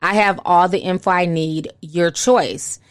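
A woman reading out a smug, cruel man's taunting posts in a slow, cold, mocking tone. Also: fairly low pitch, dry recording, studio quality, close to an everyday voice.

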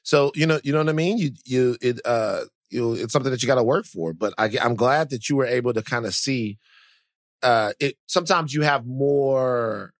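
This man, co-hosting a podcast, rambles through casual conversation, often restarting and leaning on fillers. He speaks at normal speed in a mid-range voice, captured dry with clean studio sound.

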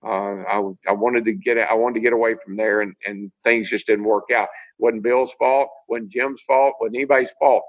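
A man's voice: on the low side, normal speed, hardly any pauses, narrow, tinny audio. An older man from Tennessee, a former racing driver telling stories in a video-call interview and acting out the dialogue. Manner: animated storyteller, acts out dialogue.

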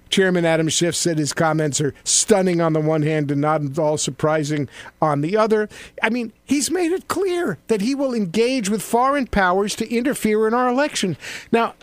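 A man's voice: high voice, no echo. A middle-aged man and former congressman hosting a satirical political chat, rambling and mocking with frequent stammered restarts. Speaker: show co-host, former congressman.

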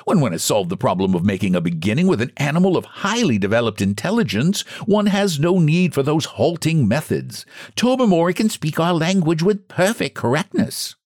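A proud scientist patiently lecturing his doubters, as a man reads him. His delivery is precise and measured, with lively rises and falls. The recording is close and dry. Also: on the high side, no echo, pitched above the performer's own voice.

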